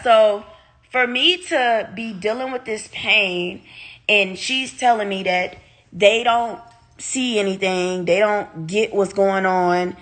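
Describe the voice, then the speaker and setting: A woman's voice: mid-range voice, a bit bright. A woman telling viewers a personal story in casual storytime chat. She talks candidly, swears freely and addresses the audience directly.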